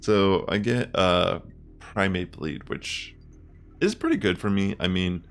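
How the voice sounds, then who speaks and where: A young man casually commenting on his own online game matches, chatty and relaxed, thinking aloud with fillers. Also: sits low, slow pace, faint music behind. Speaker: gaming content creator.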